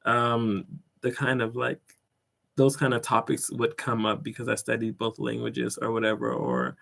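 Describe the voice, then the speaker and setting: A young man tells stories in a loose vlog about teaching abroad. His voice sits at an everyday pitch, and his talk wanders with plenty of "like" and "um". Small laughs slip in as he goes. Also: flat delivery, moderate pace, gravelly, fairly bright tone. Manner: rambling, filler-heavy, full of "like" and "um"; chuckles while telling stories. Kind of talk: casual storytelling vlog.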